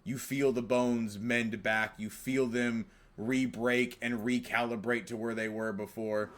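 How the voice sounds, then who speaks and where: A man narrating as game master of a tabletop role-playing game, slow and descriptive, with casual asides. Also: mid-range voice, flat delivery.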